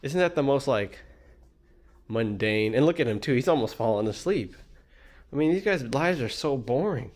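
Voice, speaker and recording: A man's voice: mid-range voice, lively intonation, normal speed, darkish tone. Sarcastic ranting man. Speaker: streamer reacting to a clip. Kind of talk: sarcastic rant commentary.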